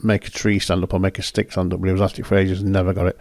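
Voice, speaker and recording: Chatty man, low voice. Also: completely flat delivery, racing, creaky, a little mellow, no room sound, clean studio sound. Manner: rambling, self-correcting, chatty. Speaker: photographer and host. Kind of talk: casual commentary over photos.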